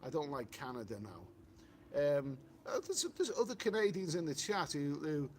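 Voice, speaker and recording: A man with a Liverpool accent chats casually on a travel live stream, reading out viewers' comments and answering them. His voice sits a little high, and he rambles, trips over his words and restarts often, filling gaps with "you know". A faint hiss runs under the recording. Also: very animated, moderate pace.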